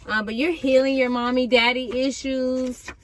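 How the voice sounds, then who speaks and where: A woman giving a casual tarot reading to her viewers, talking with high energy in a slangy, chatty way. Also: little pitch movement, normal speed. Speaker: tarot reader.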